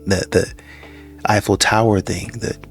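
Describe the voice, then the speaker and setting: A man with a low, gravelly voice picks apart a clip in a dating commentary. He talks in mocking rhetorical questions, and soft music plays faintly underneath. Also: little pitch movement, a little slow. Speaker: reaction commentator.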